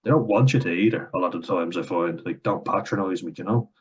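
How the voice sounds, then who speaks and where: A man's voice: deep voice, fast, breathy edge, lo-fi sound. An Irish man talking bluntly and profanely in a casual, sardonic opinion rant for his vlog. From Ireland. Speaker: vlogger.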